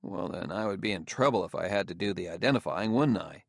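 A man doing a wary male detective, low and gravelly, measured and guarded in every word. It sounds like a dry, close storybook reading. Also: expressive, no room sound, exaggerated voice. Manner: controlled, guarded and stiff.

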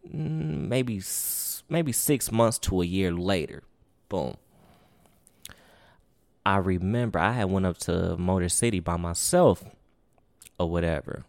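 A man's voice: low-pitched, no room sound. A young man telling a rambling, profane story as a podcast host. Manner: rambling, profane, fillers like "or whatever". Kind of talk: casual storytelling.

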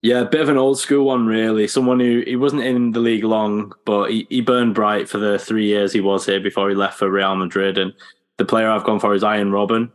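A man guesting on a casual podcast who explains his pick in a measured and thoughtful way. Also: lowish voice, little pitch movement.

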